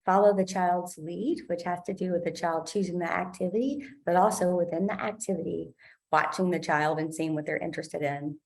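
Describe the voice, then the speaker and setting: A woman giving an instructional talk to parents about play, explaining clearly and acting out what parents say. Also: lowish voice, a little fast, a little mellow. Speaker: parent trainer. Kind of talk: instructional presentation.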